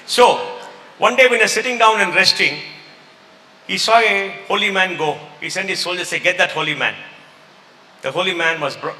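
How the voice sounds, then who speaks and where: A man's voice: high voice, fairly quick, pushed and bright, soft background music. A man with an Indian English accent giving an emphatic, rhetorical motivational talk to an audience and taking questions. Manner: emphatic, rhetorical, mixes in Hindi phrases. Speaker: guest speaker. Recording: echoey hall.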